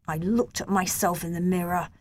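A woman reading a children's novel aloud in a gentle, measured first-person storytelling voice. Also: on the low side, fairly even intonation. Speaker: audiobook narrator.

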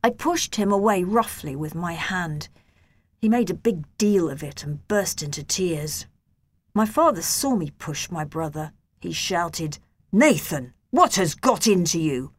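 A woman reading a children's novel aloud in a gentle, measured first-person storytelling voice. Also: on the low side, lively intonation. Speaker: audiobook narrator.

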